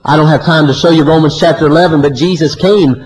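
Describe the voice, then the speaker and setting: A man preaching a sermon, swinging from loud high climbs to low quiet drops. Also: quick pace, poor audio. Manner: animated preaching, often rising high and loud, then dropping low.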